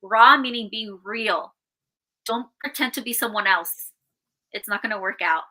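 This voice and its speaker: A woman's voice: medium pitch, measured pace, pushed and bright, low-quality recording. A woman co-hosting a casual podcast, earnest and upbeat, often laughing as she shares personal tips. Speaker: podcast co-host.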